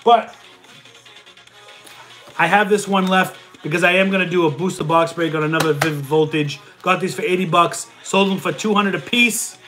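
A man hosting a casual livestream, reading viewers' comments and answering them in a loud, energetic way, working sums out aloud. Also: high voice, moderate pace, over music. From Italian heritage. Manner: loud and energetic, says he yells. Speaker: livestream host answering chat.

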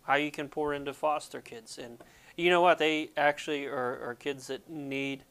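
Slightly high and steady, this man's voice is a bit bright, clear and resonant, with a moderate pace. He's hosting a casual, self-deprecating devotional for viewers in Pennsylvania, joking and rambling as he goes.

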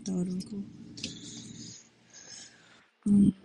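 Slow-talking rambling woman podcaster. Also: mid-range voice, monotone, warm tone, a little hiss or hum, low-quality recording. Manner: rambling, self-mocking, slangy. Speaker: podcast host. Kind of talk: casual solo podcast chat. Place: at home late at night.

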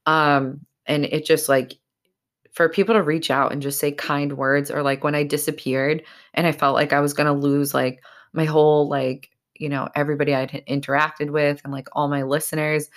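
A woman from Massachusetts hosts her own podcast, speaking at normal speed in a low-pitched, flat voice. Her casual solo talk is emotional; she's choked up and tearful, with many fillers and restarts.

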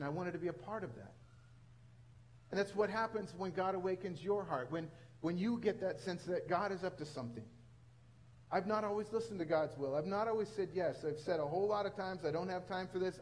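High-pitched male pastor preaching earnestly to his congregation. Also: poor audio. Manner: earnest storytelling with rising emphasis. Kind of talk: sermon.

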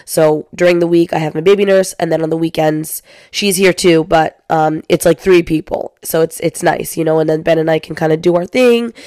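A woman's voice: low-pitched, a little fast, hardly any pauses, mellow, no room sound, studio quality. A young woman hosting a podcast, talking casually and confidingly to listeners while she is sick. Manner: chatty, confiding, says "you guys" often. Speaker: podcast host.

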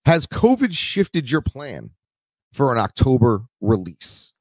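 A man hosting a relaxed interview and asking long, winding questions. His voice sits at a medium pitch and sounds dry and close. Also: no echo. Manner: chatty, long rambling questions, quick to laugh. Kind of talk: casual interview.

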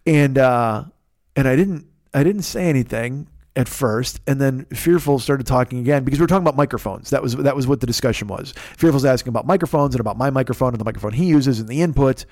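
A man's voice: mid-range voice, quick pace, darkish tone, no echo, clean studio sound. A man hosting a podcast, telling a comic story in a profane, exasperated way. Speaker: podcast host. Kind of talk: comedic storytelling.

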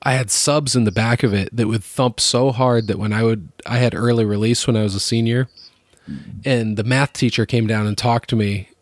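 A man at mid pitch, talking casually and animatedly through funny stories, laughing and cursing as he goes. His voice sits close and dry on the mic, with no room sound. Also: normal speed, no echo. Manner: animated, swearing, laughing storyteller. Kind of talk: casual storytelling chat.

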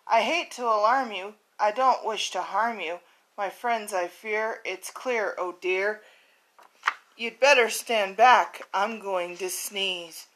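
A woman voicing a big, polite male elephant who is worried he is about to sneeze, read gently from a picture book. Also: medium pitch, takes it slowly, slight background noise, rough recording. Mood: apologetic.

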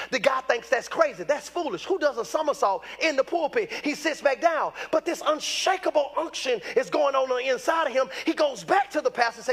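A man in his fifties preaching a sermon with fervor, breaking into shouts and repeating lines for emphasis. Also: very high-pitched, lively intonation, brisk, few pauses. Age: 50s.

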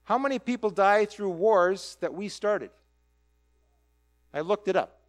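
A man preaching a conversational sermon, animated and full of rhetorical questions. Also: high-pitched. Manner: animated, asks rhetorical questions, acts out quick quoted voices.

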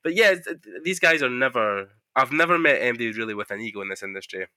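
A man hosting a casual interview, telling stories quickly and swearing freely. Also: mid-range voice, no room sound. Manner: fast, swearing, animated storytelling. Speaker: podcast host.

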